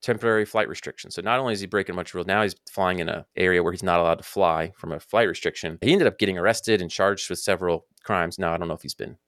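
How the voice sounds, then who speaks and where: A man in a casual podcast talks quickly and loosely, piling "like" fillers into his explanations. His voice is low, and the recording is dry and close. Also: fairly bright tone, clean tone, no room sound. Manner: fast, filler-heavy talk with frequent "like". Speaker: drone training founder and guest expert.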